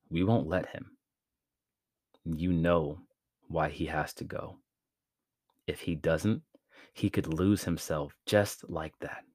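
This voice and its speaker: A man's voice: sits low, dry recording, clean studio sound. A man voicing a protective father who speaks firmly and urgently, in an audiobook-style reading. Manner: firm, urgent, reassuring.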